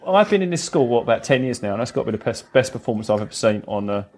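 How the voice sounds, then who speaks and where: A man's voice: medium pitch, very animated, very fast, darkish tone. A man who teaches at the school, co-hosting a casual podcast chat and encouraging the children with friendly questions.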